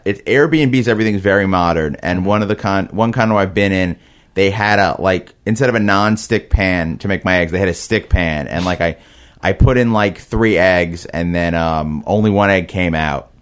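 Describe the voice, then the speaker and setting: A man with a Brooklyn-Queens New York accent, chatting casually as a comedian guest, halting and hesitant with many fillers. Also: low-pitched. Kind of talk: casual chat.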